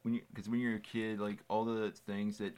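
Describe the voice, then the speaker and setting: A man's voice: fairly low pitch, little pitch movement, moderate pace, a little mellow, clean tone. A teenage boy co-hosting a podcast, joking around in casual chat and laughing easily. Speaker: podcast co-host.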